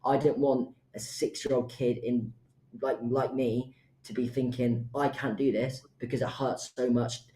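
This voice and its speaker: Young male guest, flat and mellow, earnest, echoey recording. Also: mid-range voice, measured pace. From United Kingdom. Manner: earnest, stammers at times. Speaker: guest podcaster. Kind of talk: emotional personal story. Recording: roomy echo.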